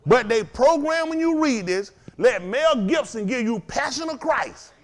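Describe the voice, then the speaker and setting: Animated high-pitched male preacher. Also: a little slow. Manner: animated, asks the crowd questions, swings between loud and low. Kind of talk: sermon to a congregation. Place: congregation hall.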